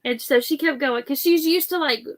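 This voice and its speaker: Woman, middle-aged, high voice, chatty and rambling, livestream host. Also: moderate pace. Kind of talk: casual chat reading live comments.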